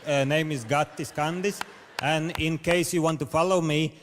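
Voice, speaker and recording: A man doing stand-up comedy on a talent show stage, with a halting, stammering deadpan delivery. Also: a little high. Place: large theatre stage. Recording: reverberant hall with background noise.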